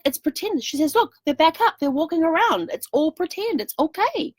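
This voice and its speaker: A woman's voice: on the high side, no room sound. A middle-aged woman vlogging in casual chat, telling a rambling story full of fillers. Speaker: travel vlogger.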